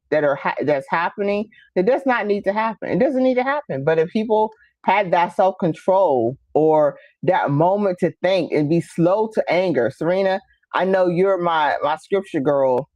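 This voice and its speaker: A woman's voice: lowish voice, darkish tone, dry recording, muffled recording. A woman hosting a casual talk show, telling stories with laughter and acting out her relatives while reading viewer comments. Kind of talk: casual chat.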